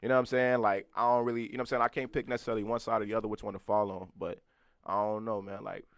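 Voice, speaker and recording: A young man in his twenties rattles off casual podcast talk at a quick clip, loose and profane, often laughing and calling out to his live chat. His voice sits fairly low, and the sound is dry and close, with little room around it. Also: little pitch movement, no room sound. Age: 20s. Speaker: podcast co-host.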